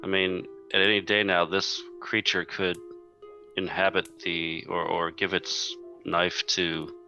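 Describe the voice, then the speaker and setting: Hesitant, bright-voiced man at a game table. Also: low voice, level tone, slow, muffled recording, faint music behind. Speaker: player.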